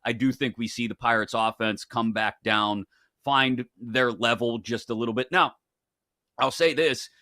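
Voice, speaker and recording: A male host of a sports betting show from the upper Midwest, giving an upbeat, rapid rundown of games and odds. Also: medium pitch, bright, forceful tone, dry recording, studio quality.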